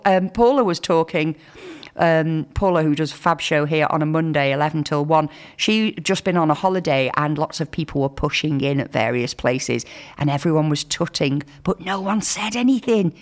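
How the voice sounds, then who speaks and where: Chatty woman radio presenter, lively pitch. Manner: chatty, reads listener texts aloud. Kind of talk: casual local radio chat.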